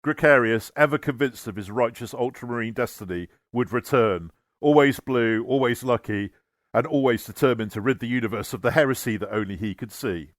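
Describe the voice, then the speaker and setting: A man reading a humorous story aloud with wry, deadpan comic timing. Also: medium pitch, a little fast, dry recording, clean studio sound. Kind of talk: humorous scripted narration.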